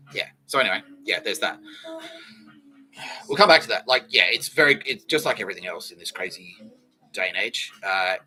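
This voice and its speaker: A man's voice: deep voice, sharp tone, rough recording. A man hosting a podcast in a rambling, profane, jokey comedic monologue. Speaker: podcast host. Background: faint background music.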